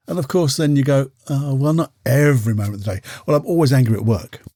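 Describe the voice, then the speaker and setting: A man with a husky, slightly worn voice talks straight to the listener in a casual solo monologue. He slips into quoted voices and tosses out rhetorical questions. The sound is dry and close, with no room around it. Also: medium pitch, mellow, dry recording. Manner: chatty, acts out quoted people, asks rhetorical questions. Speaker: podcast host and coach.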